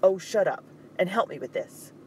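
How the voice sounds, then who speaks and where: A man's voice: high-pitched, animated, brisk, a little mellow, a little hiss or hum, voice pushed up, poor audio. A man reading aloud, voicing a scheming male fur trader who snaps and scolds harshly. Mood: scolding. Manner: harsh, snapping.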